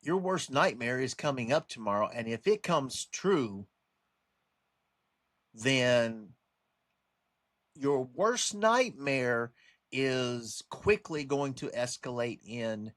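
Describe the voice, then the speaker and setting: A man's voice: mid-range voice, takes it slowly, a bit bright, no room sound. Rambling man in a dry, close vlog. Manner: rambling, with many restarts and fillers, warning tone. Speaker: religious commentary vlogger. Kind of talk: casual monologue.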